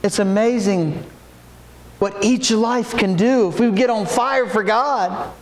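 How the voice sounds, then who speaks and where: A man preaching a sermon, folksy in his storytelling and breaking into shouted exhortations. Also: sits high, slow. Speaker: pastor. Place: church sanctuary. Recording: echoey church room.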